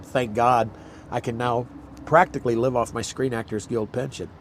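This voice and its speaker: An older actor in a casual chat, telling rambling anecdotes and acting out quotes. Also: male voice, medium pitch, fairly even intonation, moderate pace, a little hiss or hum. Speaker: actor, guest.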